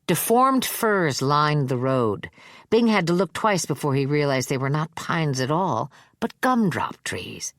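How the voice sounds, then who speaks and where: Low-voiced woman reading a horror story. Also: no echo. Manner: measured, even storytelling. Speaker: audiobook narrator. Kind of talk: scripted narration.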